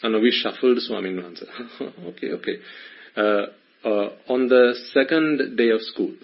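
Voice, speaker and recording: Husky man teaching with playful questions. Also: medium pitch, lively intonation, moderate pace, lo-fi sound. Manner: playful, probing questions to listeners. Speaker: Buddhist teacher. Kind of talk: Dhamma talk to a small group.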